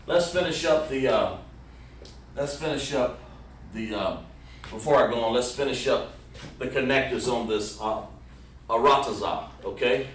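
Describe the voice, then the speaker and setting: A man with a Southern American accent teaching pronunciation on a livestream, halting and repeating words as he sounds out syllables slowly. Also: medium pitch, a little hiss or hum. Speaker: religious language teacher. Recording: roomy sound from a distant mic.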